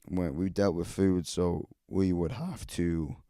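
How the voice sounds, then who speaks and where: Brief: Irish man, 30s, solo podcast host, deep and dark, sweary, sardonic rambling stories. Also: slow, clean tone, no room sound, studio quality.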